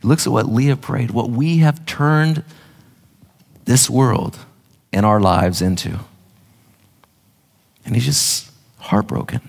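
A man's voice: mid-range voice, takes it slowly, gravelly, long pauses. A male pastor preaching a sermon in an earnest, impassioned way with emphatic repetition. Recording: echoey hall.

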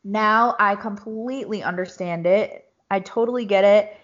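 A woman co-hosting a podcast in casual chat, talkative and quick to laugh. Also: medium pitch. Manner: chatty, laughs easily. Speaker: podcast co-host. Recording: dull lo-fi recording.

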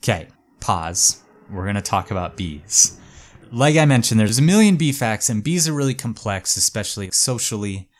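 A man hosting a podcast, casually telling a story with a relaxed, hedging manner and lots of fillers. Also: lowish voice, moderate pace.

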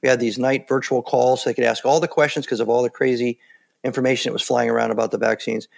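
Gravelly-voiced man telling calm stories. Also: mid-range voice, fast. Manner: calm, plainspoken storyteller. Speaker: guest, former Navy SEAL. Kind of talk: casual interview talk.

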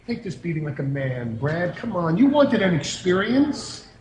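A smug, taunting wrestling manager. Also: male voice, sits high, very animated, normal speed, roomy sound, background noise. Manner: taunting, hushing. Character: smug gloating male manager, threatening. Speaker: wrestling personality. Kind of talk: scripted TV wrestling segment.

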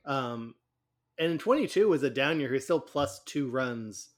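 A man's voice: medium pitch, expressive, normal speed. A man co-hosting a casual sports podcast, talking with many hesitations and fillers. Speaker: podcast co-host.

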